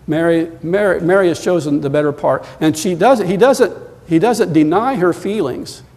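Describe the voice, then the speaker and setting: A man preaching a sermon as pastor, telling stories and climbing louder and higher when he presses a point. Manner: storytelling, rising in pitch and volume when emphatic. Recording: long reverb of a large hall.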